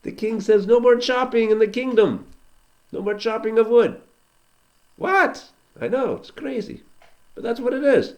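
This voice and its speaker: A man's voice: very high-pitched, moderate pace, dark tone, voice pushed up. A man voicing an apologetic woodcutter who resignedly explains a strict rule.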